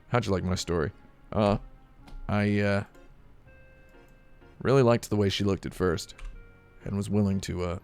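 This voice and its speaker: A man with a fairly low voice rants about a pet shop in a dry, deadpan way. Now and then he climbs into bursts of mock outrage. Faint music plays under him. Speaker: streamer. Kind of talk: casual comedic rant.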